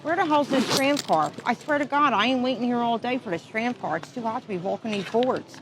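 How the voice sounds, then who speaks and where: Woman putting on a brash middle-aged mom, Philadelphia accent, high voice, bossy and griping, outdoor clip with traffic noise. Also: a little fast, lightly acted.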